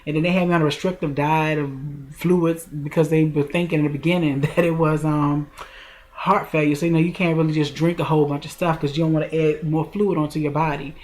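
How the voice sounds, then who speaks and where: A woman's voice: low-pitched, little pitch movement, a little mellow. Chatty woman in her forties confiding. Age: 40s. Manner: chatty, addresses viewers directly, drawn-out emotional retelling. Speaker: vlogger. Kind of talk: casual personal storytelling.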